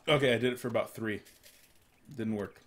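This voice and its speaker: A man's voice: fairly low pitch, fairly quick, slight background noise. A young man with hiccups casting a video game match alone from home, chatty and self-deprecating. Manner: chatty, self-deprecating, bursts of excitement on plays. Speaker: esports caster. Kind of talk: solo play-by-play commentary from home. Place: room at his mother's home.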